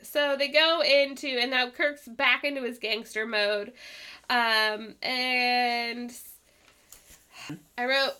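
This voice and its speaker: A woman's voice: high-pitched, slow, clear, resonant tone. A woman co-hosting a podcast, retelling an episode in casual chat with lots of laughs. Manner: laughing, animated retelling with quoted voices. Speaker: podcast co-host.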